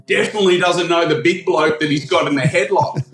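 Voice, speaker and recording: A man's voice: fairly high pitch, quick pace, fairly bright tone. A man in his forties with an Australian accent, calling in to tell a story, laughing and swearing as he acts out the voices in his yarn. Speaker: caller. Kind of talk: casual storytelling. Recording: echoey call-in line with faint noise.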